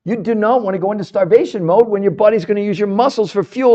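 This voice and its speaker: A man hosting a podcast, delivering an animated, emphatic health talk full of rhetorical questions to his audience. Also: sits high, quick pace, few pauses, dull audio. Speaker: podcast host.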